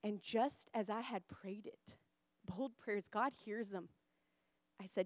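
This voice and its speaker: A middle-aged woman preaching and telling her testimony, passionate, rising loud and high and then falling soft and low. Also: takes it slowly, no room sound. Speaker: pastor and speaker. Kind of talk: sermon testimony.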